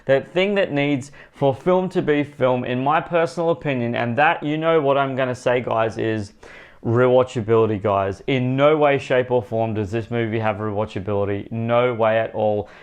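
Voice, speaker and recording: A man's voice: mid-range voice, clean tone. A man giving a casual spoken movie review for his channel, rambling and emphatic, repeating himself and talking straight to his viewers.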